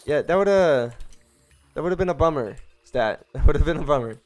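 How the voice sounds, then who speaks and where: A young man giving casual, rambling commentary as he streams a video game, breaking into excited exclamations and cutting himself off mid-sentence. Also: fairly high pitch, brisk. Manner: chatty and rambling, with excited exclamations and self-interruptions. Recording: faint game music behind.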